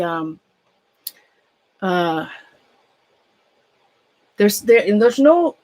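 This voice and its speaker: Chatty rambling woman with a higher voice. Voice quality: rambling, trails off and restarts mid-sentence. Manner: chatty and self-mocking, laughs often. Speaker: craft room vlogger. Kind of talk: casual live-stream chat.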